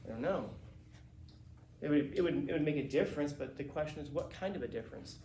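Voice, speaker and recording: A man's voice: a little high, expressive, fast talker, warm tone, echoey room, slight background noise. A male teacher giving a classroom lecture in a casual, slangy way, acting out quotes as he talks.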